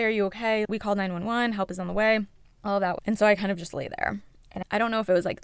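A young woman with a low, gravelly voice tells her own story on her podcast. She speaks candidly, swears freely and acts out what she was thinking at the time. The sound is dry and close, with no room echo. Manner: candid, swears freely, relives moments in quoted thoughts. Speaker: podcast host. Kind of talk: personal storytelling.

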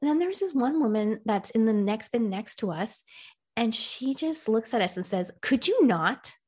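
A woman's voice: a little high, normal speed, breathy edge. A young woman co-hosting a casual chat, telling stories with energy and acting out the voices in arguments. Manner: animated storyteller, acts out quoted arguments.

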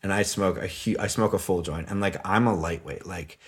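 Male podcast guest, 30s, low-pitched, animated storyteller who laughs and swears a lot. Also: a little fast. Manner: animated, swears freely, laughs while telling stories. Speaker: podcast guest, comedic musician. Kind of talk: casual storytelling chat.

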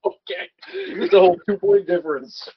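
A man's voice: very high voice, sing-song, normal speed, vocal fry, dry recording, muffled recording. A man co-hosting a podcast, chatting casually about a film with a sardonic edge, swearing freely and laughing often. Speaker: podcast co-host. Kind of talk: casual movie review chat.

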